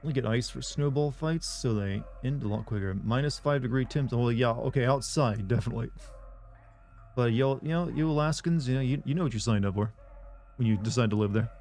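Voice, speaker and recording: A man chatting to his viewers during a live game stream. He rambles in an offhand, loose way, swears often and restarts his sentences. His voice sits at an ordinary middle pitch, and faint game music plays behind him. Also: brisk, a little mellow. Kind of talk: casual chat with viewers while streaming a game.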